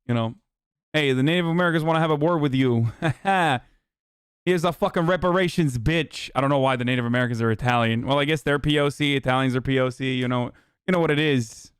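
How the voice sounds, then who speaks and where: A man's voice: mid-range voice, fast talker, clean tone, no echo, clean studio sound. A man streaming a casual reaction commentary, blunt and profane, with scornful laughs.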